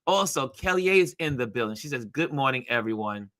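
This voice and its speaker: A man's voice: mid-range voice, expressive, fairly quick, a bit bright, no room sound, studio quality. A man hosting a live online show, chatting casually and reading out viewer comments, often repeating phrases for emphasis. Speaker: livestream show host.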